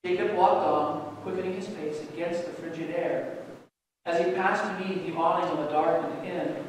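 A man, a pastor, reading a story aloud in a steady, measured way during a church service. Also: a little high, recorded from a distance, a little hiss or hum. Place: church sanctuary. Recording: echoey church hall from afar.

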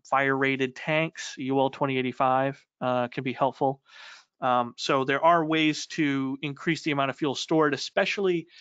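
A man with a New England accent co-hosting a technical webinar, speaking haltingly with many fillers and restarts. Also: medium pitch, fairly bright tone, clear, resonant tone, dry recording. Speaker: webinar co-host. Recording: slightly dull dry audio.

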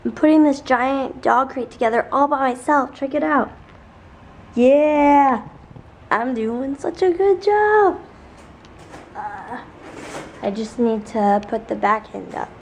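A woman's voice: sits high, expressive, takes it slowly, pauses often, slight background noise. A young woman vlogging casually and cooing in baby talk at her new dog. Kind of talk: casual vlog.

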